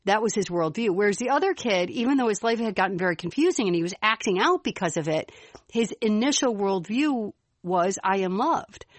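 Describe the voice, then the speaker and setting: A woman with a Chicago accent co-hosting a parenting podcast, explaining ideas in a steady, storytelling way. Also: mid-range voice, a little fast, dry recording. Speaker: podcast co-host. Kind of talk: casual parenting chat.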